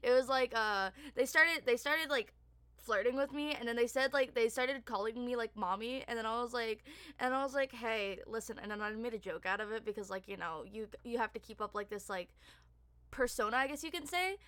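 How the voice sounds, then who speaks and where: A woman's voice: a little high, fairly quick, a bit bright, clear, resonant tone, no echo. A young woman streamer chatting casually, giggling and stumbling over her words as she rambles. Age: young adult. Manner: giggly, rambling, self-interrupting. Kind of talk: casual podcast chat.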